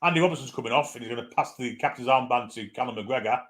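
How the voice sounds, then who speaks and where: A man's voice: mid-range voice, quick pace, fairly bright tone. A man giving live fan commentary on a football match, irreverent, swearing freely and reading out viewer comments.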